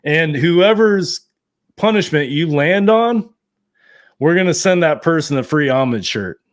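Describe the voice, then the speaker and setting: A man with a slightly higher voice hosts a loose sports podcast chat. He jokes his way through a fan contest and its punishments. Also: lively intonation, unhurried. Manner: joking, running a contest segment. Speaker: podcast host. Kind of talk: casual chat.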